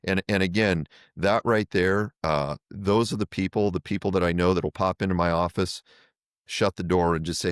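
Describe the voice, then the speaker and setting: A man's voice: sits low, steady tone, moderate pace, smooth, dry recording, clean studio sound. A middle-aged fire chief talking in an earnest, thoughtful way in a podcast interview, often repeating words as he searches for his phrasing.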